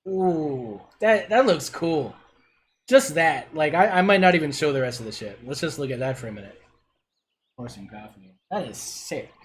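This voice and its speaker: A man's voice: a little high, lively intonation, normal speed, slight background noise. A middle-aged man on a casual livestream, gushing and swearing as he reviews player builds.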